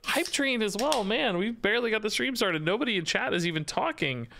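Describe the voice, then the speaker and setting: A man's voice: sits high, animated, a little fast, gravelly, sharp tone, slight background noise. A man streaming a card game, chatting casually, thanking subscribers and thinking aloud about his deck. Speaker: Twitch streamer. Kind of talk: casual live-stream commentary.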